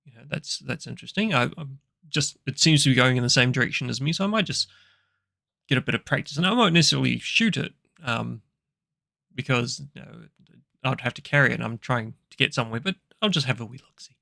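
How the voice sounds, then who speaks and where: Brief: laid-back wandering archer, played by a man, rambling and casual, slightly gravelly. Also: mid-range voice, quick pace, pushed and bright, dry recording, clean studio sound. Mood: musing. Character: wandering adventurer man with a bow, easygoing.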